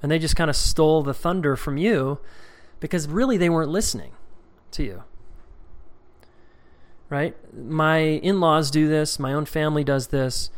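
A man's voice: a little high, moderate pace. A man leading a live coaching call with questions and answers, reading members' comments aloud and speaking casually and candidly. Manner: acts out little dialogues with shifting voices.

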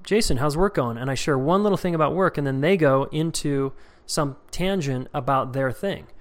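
A man's voice: medium pitch, moderate pace. A man leading a live coaching call with questions and answers, reading members' comments aloud and speaking casually and candidly. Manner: acts out little dialogues with shifting voices.

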